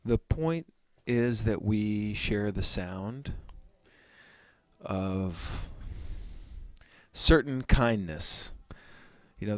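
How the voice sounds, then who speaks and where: A man's voice: fairly low pitch, darkish tone, no echo. A man hosting his own video, talking in a meandering, musing way with the odd blunt curse. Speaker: vlog host. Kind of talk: casual rambling monologue.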